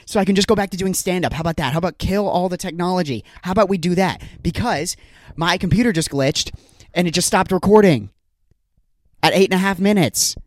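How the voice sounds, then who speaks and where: A man's voice: high voice, a little fast. A young man hosting a solo comedy podcast on a studio mic, rambling through stories with exasperated, self-mocking energy. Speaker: podcast host. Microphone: studio podcast microphone.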